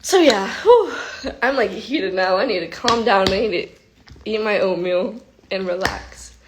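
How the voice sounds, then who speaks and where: A woman chats on a casual livestream into her phone. She tells stories with animated energy and says "like" and "literally" often. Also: mid-range voice, unhurried, noisy background. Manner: animated storytelling, heavy use of "like" and "literally". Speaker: vlogger hosting an Instagram live.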